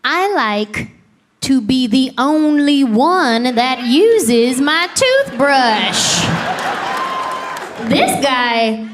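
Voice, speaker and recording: A young woman tells a drawn-out, chatty story in a high voice, taking her time. Her stand-up set is recorded with clear background noise. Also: big pitch swings. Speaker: comedian. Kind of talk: stand-up comedy.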